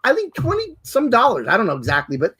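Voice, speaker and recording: A man's voice: extremely high pitch, wildly swooping pitch, quick pace, bright, forceful tone, breathy edge. A man, a costume designer and co-host, showing off sewing tools in an exuberant chat full of exclamations. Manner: exuberant, exclaims and repeats "fabulous" and "hello". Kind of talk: enthusiastic product demo chat.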